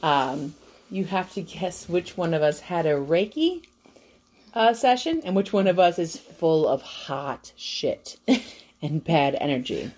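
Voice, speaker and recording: A young woman co-hosting a casual podcast, talking in a lively, giggly, rambling way. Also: low-pitched, slow pace. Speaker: podcast co-host. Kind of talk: casual chat.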